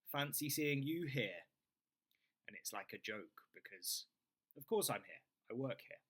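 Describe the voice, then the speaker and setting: A young adult man, teaching greetings in an online lesson and saying each model phrase slowly and clearly for learners to repeat. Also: fairly low pitch, pushed and bright. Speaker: English tutor.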